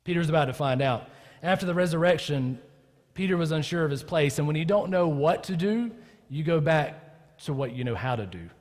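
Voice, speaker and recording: A male pastor preaching a sermon as lively storytelling, acting out the people he quotes. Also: on the high side, a little fast, big-room sound.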